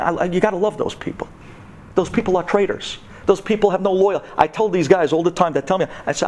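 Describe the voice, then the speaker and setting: A man's voice: on the high side, quick pace, a little mellow. A man giving a humorous Torah talk to a women's audience, telling the story with jokes and acted-out scenes. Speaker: Torah teacher.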